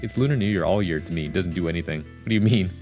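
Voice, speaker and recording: A man's voice: deep voice, very fast, darkish tone, soft background music. A man streaming live, chatting casually with his viewers in a rambling, jokey way and laughing often. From Vietnamese heritage. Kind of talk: casual livestream chat.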